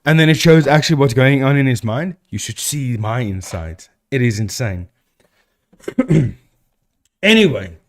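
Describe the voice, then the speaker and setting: Chatty animated man streaming live. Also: mid-range voice, a little slow, long pauses. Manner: chatty, talks to chat and thinks aloud. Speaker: live-stream host debunking ghost videos. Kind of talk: casual live-stream commentary.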